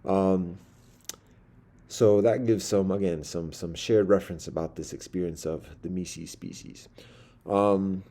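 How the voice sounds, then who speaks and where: A man's voice: low-pitched, fairly even intonation, unhurried, dark tone. A man telling a rambling story in a dim candlelit room, wordy and full of fillers and restarts.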